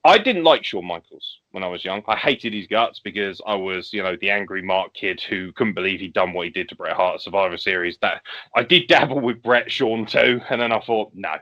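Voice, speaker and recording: A man's voice: fairly low pitch, brisk. Lo-fi man telling wrestling stories. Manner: animated storyteller acting out wrestler promos. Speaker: podcast guest. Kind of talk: casual podcast chat, fantasy wrestling booking. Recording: lo-fi podcast audio.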